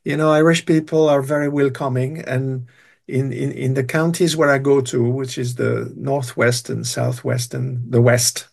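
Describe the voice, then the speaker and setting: A man's voice: mid-range voice, level tone, normal speed, creaky, a little mellow. A retired man in his sixties from Brittany with a French accent, speaking as an interview guest in a hesitant way with many fillers and restarts. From Brittany, France. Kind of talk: casual interview chat.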